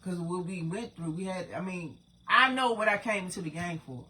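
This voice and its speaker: A streetwise host in their forties, talking straight to viewers. The monologue rambles and swears freely. Loud, emphatic stretches give way to quiet asides. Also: medium pitch, normal speed. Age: 40s. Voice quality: profane, rambling, streetwise talk. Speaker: spiritual channel host. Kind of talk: casual spiritual monologue to viewers.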